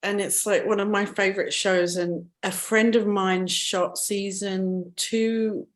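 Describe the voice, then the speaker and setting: A woman from the English Midlands with a mixed English and Australian accent, chatting casually as an interview guest, with relaxed ums and restarts. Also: mid-range voice, slow pace. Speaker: cinematographer guest.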